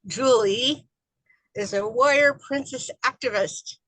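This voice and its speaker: Woman co-host, measured earnest introduction, dry close sound. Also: on the high side, fairly bright tone, dry recording, poor audio. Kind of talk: reading a prepared introduction.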